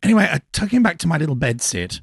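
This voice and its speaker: A man chatting casually on a podcast, telling a personal story in a flustered, animated, self-deprecating way. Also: fairly high pitch, quick pace, crowd noise.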